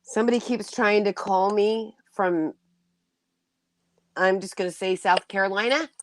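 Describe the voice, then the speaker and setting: A woman's voice: mid-range voice, a little slow, slight background noise. A middle-aged woman hosting a casual livestream chat, emotional and laughing often as she talks to viewers. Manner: warm, emotional, laughs often, restarts sentences. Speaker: livestream host.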